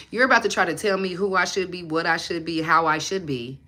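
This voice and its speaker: A woman's voice: sits low, flat delivery, fairly quick, hardly any pauses, bright, forceful tone. A young adult woman hosting a casual livestream, talking bluntly and emphatically with plenty of profanity as she preaches self-belief to her viewers. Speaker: manifestation coach and livestream host.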